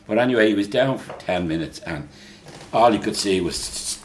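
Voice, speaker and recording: A man's voice: fairly low pitch, animated, normal speed, a little hiss or hum. An older man telling laughing anecdotes in a casual chat. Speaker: guest telling stories.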